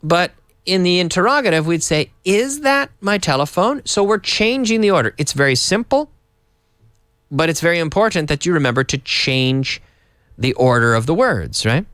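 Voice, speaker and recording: A man's voice: fairly high pitch, big pitch swings, moderate pace, a bit bright, dry recording, studio quality. A middle-aged man from Canada teaching English to Spanish speakers, acting out example sentences with big, exaggerated question intonation.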